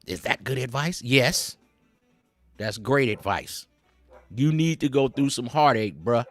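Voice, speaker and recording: A man hosting a livestream, ranting in casual street slang, preachy and animated, with frequent repeats. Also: medium pitch, measured pace, no echo, faint music behind. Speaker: livestream host.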